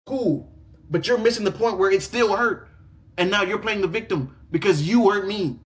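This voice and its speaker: At a moderate pace, this young man hosts a casual reaction video, reading internet stories and ranting about them afterward. He repeats himself and curses freely, alternating between loud outbursts and low mutters.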